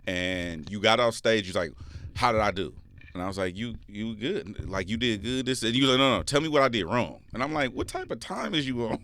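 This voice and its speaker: A man's voice: lowish voice, brisk, a little hiss or hum. A man hosting a radio podcast in casual chat, telling stories with lots of laughter. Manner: animated storyteller, laughs often. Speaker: host.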